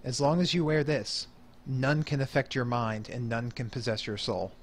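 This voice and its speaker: A man voicing an ancient, newly freed god who speaks in a calm, solemn and generous way during a tabletop game. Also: mid-range voice, normal speed, slight background noise, natural voice. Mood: gracious. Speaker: game master voicing a deity.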